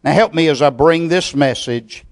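A man preaching a sermon and leading a prayer, with a deliberate, measured delivery full of pauses. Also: on the high side. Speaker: pastor.

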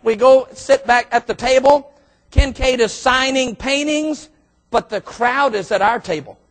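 A middle-aged male pastor telling a story from the pulpit. He is animated and excitable, and his voice sits very high and bursts into shouts at the exciting moments. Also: unhurried. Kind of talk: sermon storytelling.

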